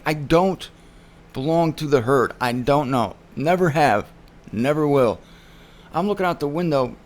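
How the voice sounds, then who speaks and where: Emphatic man telling a story. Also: on the high side. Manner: emphatic storytelling with acted quotes. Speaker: show host. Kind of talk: casual monologue.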